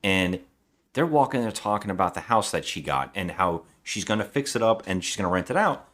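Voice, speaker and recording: A man's voice: low-pitched, lively intonation, brisk, a bit bright. A man co-hosting a podcast, chatting about a horror movie and mimicking its lines with laughs. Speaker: podcast co-host. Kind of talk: casual movie review chat.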